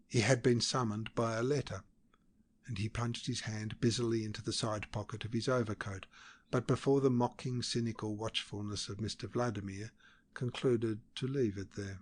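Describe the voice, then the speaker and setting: A man with a somewhat low voice narrates a classic novel as an audiobook, reading in a steady, measured way.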